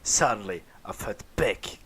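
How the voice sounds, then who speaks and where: A man's voice: fairly low pitch, lively intonation, normal speed, a bit bright, breathy edge. A man reading fan fiction aloud, stumbling over words and laughing now and then. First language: German. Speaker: reader.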